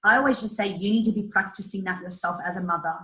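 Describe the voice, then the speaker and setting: A woman talking as an interview guest about coaching children, earnest and animated, speaking bluntly with mild swearing. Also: mid-range voice, quick pace. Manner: earnest, animated, acts out quotes. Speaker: guest, youth empowerment and kids' yoga coach. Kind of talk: casual interview talk. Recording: roomy echo.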